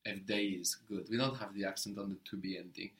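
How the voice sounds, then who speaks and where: A man teaching a one-on-one language lesson, explaining patiently and often checking with a quick question. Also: sits low, fairly even intonation, a bit bright.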